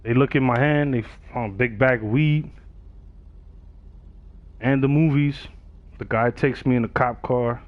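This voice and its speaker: A man's voice: mid-range voice, steady tone, a little slow, pauses often, no echo. A man, telling a story casually on his livestream and acting out the other people's voices. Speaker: livestream gamer. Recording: dull, dry sound.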